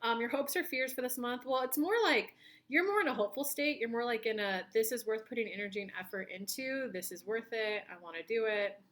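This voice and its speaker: A woman's voice: fairly high pitch, a little fast, fairly bright tone. A woman giving a chatty monthly tarot reading, telling personal stories and acting out what other people said. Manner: chatty, storytelling, acts out quoted voices. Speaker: tarot reader and spiritual coach.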